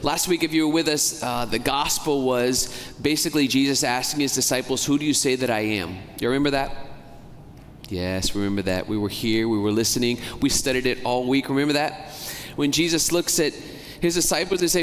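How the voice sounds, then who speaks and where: A man's voice: mid-range voice, slight background noise. Priest guy giving a sermon, talks like he's chatting, drags out the key words, big echoey church. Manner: conversational, asks the congregation questions; slows down and stretches key words for emphasis. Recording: long church reverb, faint ambience.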